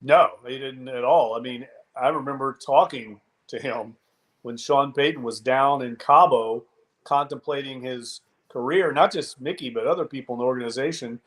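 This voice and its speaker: Male podcast co-host, casual sports chat, analytical, measured delivery. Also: mid-range voice, a bit bright. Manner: measured, analytical, frequent restarts.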